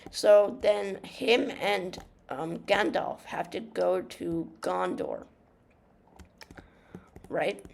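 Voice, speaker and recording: Gravelly-voiced woman ranting while gaming. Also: fairly low pitch, extremely slow, pauses often, a little mellow, a little hiss or hum. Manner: rambling and ranting, many fillers and restarts, swearing. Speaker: gamer. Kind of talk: casual gaming commentary while retelling a story.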